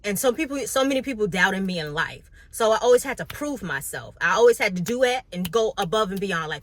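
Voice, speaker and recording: A woman's voice: mid-range voice, lively intonation, brisk, hardly any pauses, a bit bright, dry recording. A candid, chatty woman in middle age speaks to camera in a casual vlog. She reflects openly on her week and shares her thoughts with her followers. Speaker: vlogger and makeup artist. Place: New York City.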